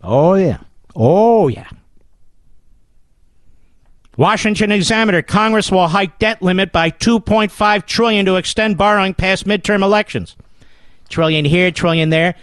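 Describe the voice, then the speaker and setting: A man's voice: sits high, a little slow, pauses often, a bit bright, dry recording, studio quality. A man hosting a political talk radio show, delivering a combative and sarcastic monologue.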